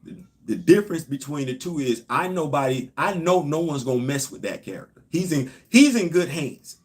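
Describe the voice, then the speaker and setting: High-voiced man, emphatic host. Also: animated, normal speed. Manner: emphatic, repeats points, addresses viewers directly. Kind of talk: casual livestream commentary.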